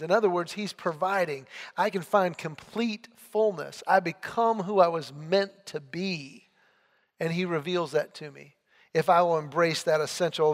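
A man's voice: high voice, in a large hall. A man preaching a sermon as pastor, earnest and conversational, asking rhetorical questions and reading scripture aloud.

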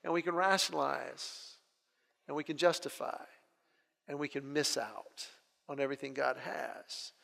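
A man's voice: mid-range voice, steady tone, unhurried, vocal fry, fairly bright tone. A middle-aged man preaching a sermon as a pastor, telling family stories and acting out his kids' voices. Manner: storytelling, acts out his children's voices. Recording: long hall reverb.

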